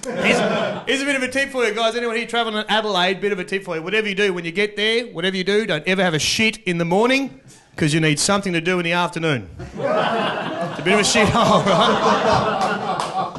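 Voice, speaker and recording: A loose, chatty man doing stand-up on stage. His voice sits high and bright, and he often laughs at his own jokes while he works the crowd. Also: a little fast. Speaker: stand-up comedian. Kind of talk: live stand-up comedy. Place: live comedy stage.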